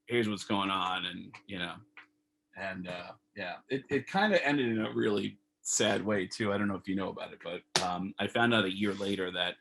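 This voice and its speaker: A man, a comedian guest on a video call, telling stories in a casual, animated way and acting out phone calls. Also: deep voice, moderate pace, gravelly, slight background noise. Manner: animated storyteller, acts out phone calls in raised voices.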